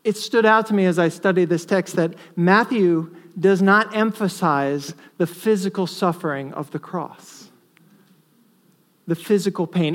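Male pastor, high-pitched, earnest sermon delivery with emphatic stresses. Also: measured pace. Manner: earnest, rises to emphatic stresses then drops to quiet asides.

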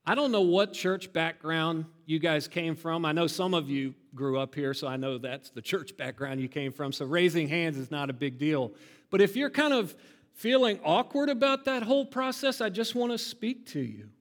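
A man's voice: a little high, normal speed. Emphatic preacher man in a reverberant sanctuary. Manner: expressive, builds to loud emphatic peaks. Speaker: pastor. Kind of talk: sermon. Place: church sanctuary.

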